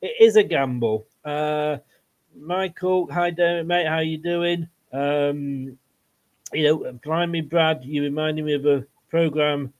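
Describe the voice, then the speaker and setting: Male podcast co-host, high voice, blunt and sweary, muffled recording. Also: steady tone, slow. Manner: blunt, swears, rambling with fillers. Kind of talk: casual football chat. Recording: dull lo-fi sound.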